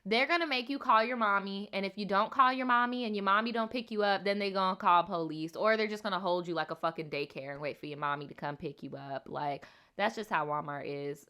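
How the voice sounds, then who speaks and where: A woman hosts a casual livestream, reading out viewer stories and riffing on them. She talks in a sassy, profane way full of slang, and her voice has a bright, forward edge. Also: medium pitch, brisk. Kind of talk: casual livestream storytime chat.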